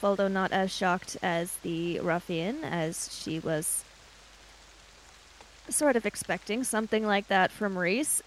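A woman's voice: mid-range voice, fairly bright tone, a little hiss or hum, rough recording. A woman player in a tabletop game, casually describing her character's actions while thinking aloud.

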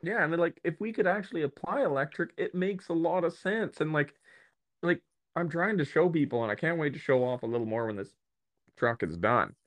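A man speaking as a guest on a casual podcast, ranting in an animated way and acting out the voices of the people he quotes. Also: on the high side, fairly quick. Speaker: guest, electric motor repair specialist.

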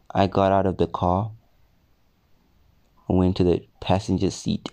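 A young man with a low voice tells a personal story on his vlog at a measured pace, leaving long pauses. His casual retelling is peppered with swearing, and he acts out the other people's lines.

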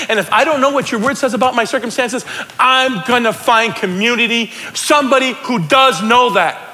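A middle-aged man preaching a sermon, building from casual talk into excited shouting. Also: very high-pitched, brisk, slight background noise. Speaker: pastor. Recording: long church reverb.

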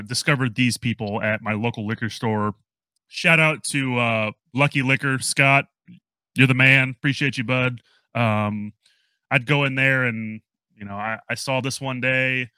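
A young man hosting a relaxed podcast chat. His voice is bright and forward, and the sound is dry and close. He rambles easily, leaning on fillers as he talks. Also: mid-range voice, a little slow, clear, resonant tone, no echo. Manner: laid-back, rambling, lots of fillers. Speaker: podcast host. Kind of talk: casual chat.

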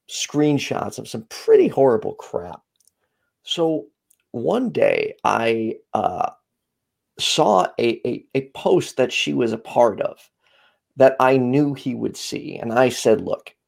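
Male podcast host, rambling and candid, gravelly voice with lots of pitch movement. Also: lively intonation, slow, darkish tone. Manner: rambling storyteller, loose and candid. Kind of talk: casual chat.

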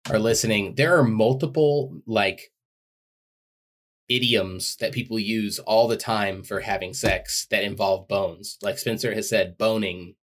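A man with a fairly low voice co-hosts a casual podcast. He talks to listeners in a blunt, exasperated way and swears a lot. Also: unhurried. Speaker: podcast co-host. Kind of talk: casual chat about song lyrics.

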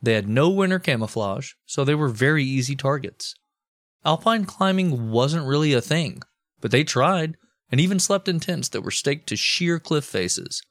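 A man's voice: a little high, expressive, normal speed, fairly bright tone, no room sound. Man narrating history with irreverent jokes. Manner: irreverent, profane asides. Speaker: podcast co-host.

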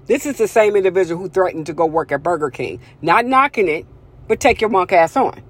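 A woman's voice: fairly low pitch, expressive, fairly quick. Blunt woman ranting with heavy swearing. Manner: blunt, emphatic, repetitive, swearing freely. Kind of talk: profane personal rant to camera.

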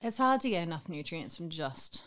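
A woman's voice: fairly low pitch, very animated, moderate pace, a bit bright. A woman in her late thirties, a guest speaking frankly and at length in a personal conversation, often acting out what others said. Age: late 30s. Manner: frank, rambling, acts out quoted voices. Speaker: interview guest.

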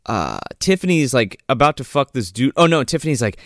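A man's voice: mid-range voice, sing-song, fairly quick, dry recording, clean studio sound. A man casually recapping a movie with friends, rambling and swearing, jumping into quoted voices. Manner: rambling, profane, acts out characters in quotes.

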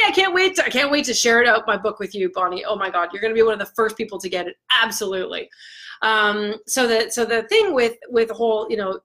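A woman talking excitedly and chattily to camera as a motivational vlogger and author, with frequent ums and restarts. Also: mid-range voice. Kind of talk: casual motivational talk to camera.

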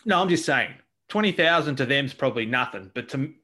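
Australian male co-host, sweary and fed up, mid-pitched everyday voice. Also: lively intonation, fairly quick, bright, forceful tone. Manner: ranting, sweary, exasperated. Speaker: podcast co-host. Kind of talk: casual chat.

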